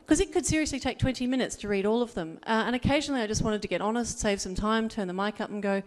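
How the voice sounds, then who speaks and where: Australian woman, stand-up comic, chatty storytelling, fairly high voice. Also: quick pace. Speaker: stand-up comedian. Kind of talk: stand-up comedy set. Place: comedy gala stage.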